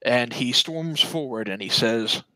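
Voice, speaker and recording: Bright-voiced game master narrating. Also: male voice, medium pitch, unhurried, dry recording, low-quality recording. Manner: casual and hesitant, with fillers.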